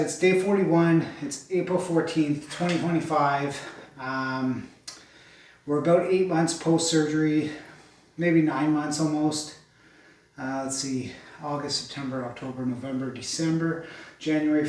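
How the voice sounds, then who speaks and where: A man's voice: a little high, darkish tone, distant mic. A man recording a casual workout check-in vlog, a little out of breath, rambling with lots of ums and uhs. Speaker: fitness vlogger. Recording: very echoey room, off-mic.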